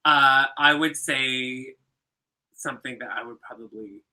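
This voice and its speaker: A man co-hosting a casual drag show review, recapping with animated, giggly energy. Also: medium pitch, a little slow, low-quality recording. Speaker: drag queen co-host. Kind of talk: casual chat.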